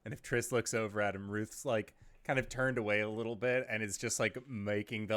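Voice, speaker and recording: A man playing in a tabletop game, slowly describing his character's actions and laughing along. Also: on the low side, steady tone, a bit bright, clean tone, no echo. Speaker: player.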